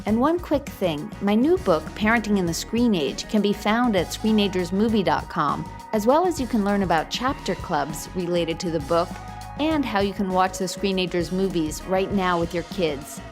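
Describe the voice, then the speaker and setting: A woman's voice: medium pitch, lively intonation, moderate pace, music in the background. A woman hosting a podcast as a physician, explaining in an earnest, informative way.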